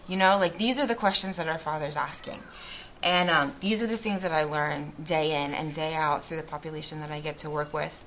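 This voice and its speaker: A woman's voice: deep voice, fairly even intonation, a little fast, a bit bright, slight background noise. A woman speaking to a group as a missionary, giving an earnest, reflective faith testimony with many restarts.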